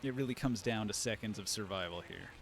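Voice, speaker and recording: Low-voiced male streamer with a Pacific Northwest accent and a fry-heavy rasp, dry and profane while narrating his play. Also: fairly quick. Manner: dry, sardonic, swears often. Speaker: game streamer. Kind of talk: live gameplay commentary.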